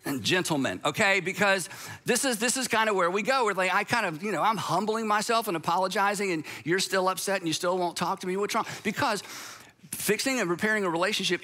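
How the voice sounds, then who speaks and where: A man delivers a sermon-style talk in a high, bright voice. He is emphatic and conversational, and he drops sarcastic asides as he speaks.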